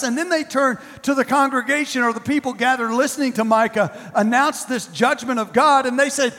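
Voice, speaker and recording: High-voiced male preacher in a reverberant hall. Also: sharp tone. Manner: emphatic, repetitive preaching with drawn-out stresses. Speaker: pastor. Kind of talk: sermon.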